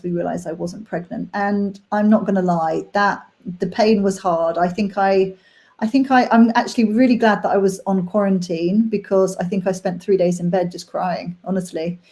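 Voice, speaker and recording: A young woman talking candidly and emotionally about a hard personal time, halting with many fillers. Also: mid-range voice, steady tone, a little mellow. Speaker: nanny sharing her story.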